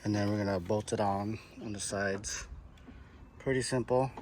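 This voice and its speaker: A car body shop builder in a garage workshop casually walks through a custom car part build step by step, using fillers. His voice is fairly low and a little mellow, with fairly even intonation at normal speed, over slight background noise.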